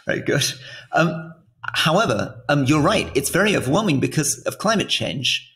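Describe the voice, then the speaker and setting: A man's voice: on the high side, very animated, moderate pace, fairly bright tone. A British man co-hosting a political podcast, explaining world affairs in an earnest, conversational way. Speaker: podcast co-host. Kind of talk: casual political chat.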